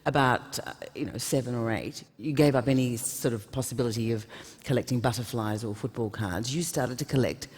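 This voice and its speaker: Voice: medium pitch, fairly quick, a little mellow, husky. Brief: stage interviewer, probing and wry, hall echo. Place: large concert hall stage. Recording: long reverb of a large hall.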